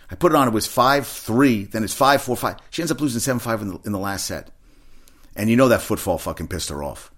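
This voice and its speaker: A man who works as a personal trainer, talking casually about sports in a rambling, excitable way with frequent swearing. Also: lowish voice. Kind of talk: casual sports chat monologue.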